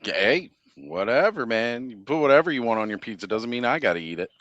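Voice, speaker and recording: Male host, mid pitch, jokey storyteller, dry close mic. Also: big pitch swings, fairly quick, a bit bright, no room sound, muffled recording. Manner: jokey, laughs at his own stories. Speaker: live stream host. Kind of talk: casual chat, storytelling.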